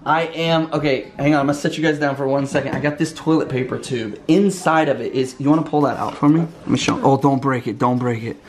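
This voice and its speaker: A man filming a family vlog, excited and laughing as he talks to viewers on a handheld camera at home. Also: medium pitch, fast talker, hardly any pauses. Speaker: family vlogger.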